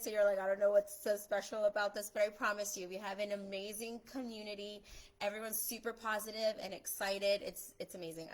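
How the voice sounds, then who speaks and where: A young adult woman talking fast and chattily in a casual live stream, giving social media tips as a photographer. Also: medium pitch, poor audio. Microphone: phone or webcam on a live stream.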